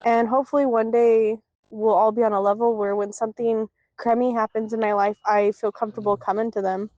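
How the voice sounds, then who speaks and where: A woman co-hosting a podcast, steady and supportive, speaking frankly about hard things at a middle pitch. The recording is dull and dry, with no room sound. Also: brisk, no echo. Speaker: podcast co-host. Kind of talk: casual podcast chat.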